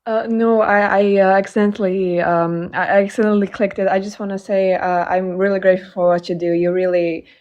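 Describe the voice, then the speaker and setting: A woman's voice: medium pitch, fairly even intonation, a little fast, hardly any pauses, clear, resonant tone, muffled recording. A woman calling in, nervous and apologetic, stammering through her words. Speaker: caller.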